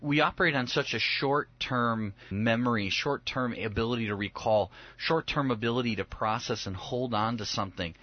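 Brief: male co-host, animated Bible talk, dry dull lo-fi sound. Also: medium pitch, normal speed, few pauses, no echo. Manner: animated, acts out voices of biblical figures. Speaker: Bible study podcast co-host. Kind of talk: casual Bible discussion.

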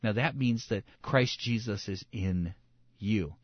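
Man preaching with dramatic loud-soft swings. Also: on the low side, takes it slowly, no room sound, highs cut off. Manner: dramatic swings between loud emphasis and soft hushed asides; acts out quoted voices and inner dialogue. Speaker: pastor. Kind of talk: sermon.

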